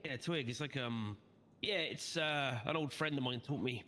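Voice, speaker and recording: A man's voice: medium pitch, moderate pace, sharp tone, big-room sound. A British man in casual roleplay banter, stubborn and playfully dry. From Britain. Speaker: roleplay player.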